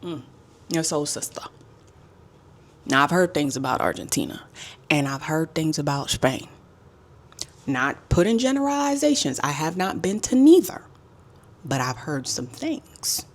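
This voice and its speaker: A woman telling a casual storytime as a travel vlogger, with sassy, emphatic and animated delivery. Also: low voice, normal speed.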